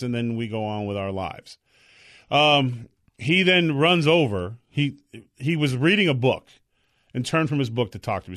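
A man co-hosts a podcast, telling a story in a relaxed, chatty way. He animatedly plays out the other people's lines in his own voice. His voice sounds close and dry, with no room echo. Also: medium pitch. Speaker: podcast co-host. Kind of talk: casual chat, storytelling.

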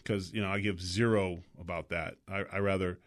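A man co-hosting a talk show, telling rambling, animated anecdotes in casual chat. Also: low-pitched, a little fast. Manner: slips into mock voices.

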